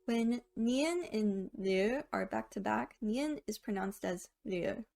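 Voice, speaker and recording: A woman narrating a scripted language lesson, explaining rules clearly and slowing down to sound out each example word. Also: mid-range voice, expressive, darkish tone. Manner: clear, careful explanation with slow, drawn-out example words. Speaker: language teacher.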